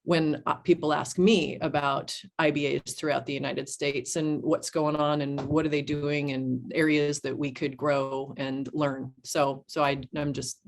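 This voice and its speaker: A woman with a fairly low voice talks on a group call. She thinks aloud and often restarts her sentences as she goes. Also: level tone, a little slow, hardly any pauses, a little hiss or hum. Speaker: call participant. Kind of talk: casual remarks on a group call.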